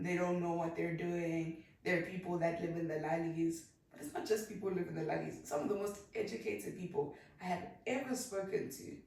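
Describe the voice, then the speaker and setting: A woman's voice: fairly low pitch, creaky, darkish tone. A young South African woman ranting casually to camera, rambling and switching languages mid-sentence. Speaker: vlogger. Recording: very echoey room, voice from a distance.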